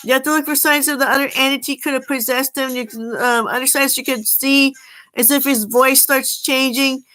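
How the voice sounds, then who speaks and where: Bright, tense-voiced woman rambling on. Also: sits high, steady tone, rough recording. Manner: rambling, halting, with many fillers and restarts. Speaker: channel host. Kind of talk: unscripted spoken monologue.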